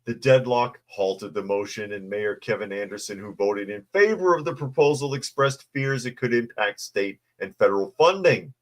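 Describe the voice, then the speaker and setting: A man's voice: medium pitch, animated, a little slow. Sarcastic man reading the news. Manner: sarcastic, mocking asides. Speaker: host. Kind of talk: casual news commentary, reading articles and chat.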